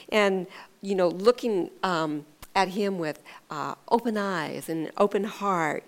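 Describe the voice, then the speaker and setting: An earnest woman sharing a devotional in a relaxed, chatty way, her voice sitting at an ordinary middle pitch. She stumbles and restarts now and then, then swings up and down in pitch when she tells a story. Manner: earnest and conversational, with hesitant restarts. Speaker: devotional speaker. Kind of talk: informal devotional sermon.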